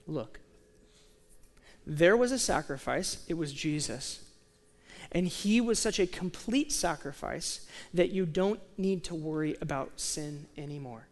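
High-voiced preacher in a reverberant hall. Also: male voice, measured pace. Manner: animated preaching, swings from quiet asides to excited storytelling. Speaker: pastor. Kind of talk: sermon. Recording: long reverb of a large hall.

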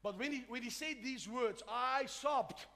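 A man's voice: extremely high pitch, measured pace, sharp tone. A man preaching a sermon, emphatic and repetitive, often restarting his phrases. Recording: reverberant hall with faint music.

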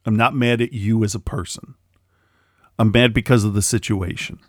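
A man's voice: fairly low pitch, fairly even intonation, moderate pace, no echo, clean studio sound. A middle-aged man in casual chat, ranting with lots of swearing and mimicking people he quotes.

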